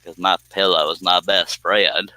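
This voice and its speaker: A low-pitched man with a drawl chats to viewers of his woodworking live stream. He is folksy and self-mocking, and his voice has a bright, forward edge. The dry, close sound suggests a mic right in front of him in a home workshop. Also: steady tone, measured pace, no room sound. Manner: folksy, joking, reads viewer comments aloud. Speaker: woodworking livestream host. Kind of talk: casual live stream chat.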